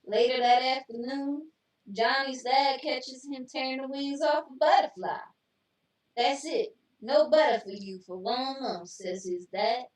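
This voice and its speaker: Woman telling jokes on a chat show, kinda high voice, sounds far off in a real echoey room. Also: unhurried. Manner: reads jokes aloud then explains them, teasing. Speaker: co-host. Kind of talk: casual joke-telling chat.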